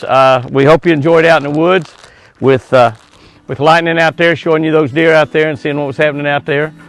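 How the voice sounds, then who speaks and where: A man's voice: on the high side, fairly even intonation, fairly quick, fairly bright tone, no echo. A man hosting a ranch show outdoors, chatting in a folksy way and coaxing animals with a lifted, sing-song call. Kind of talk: casual outdoor show narration.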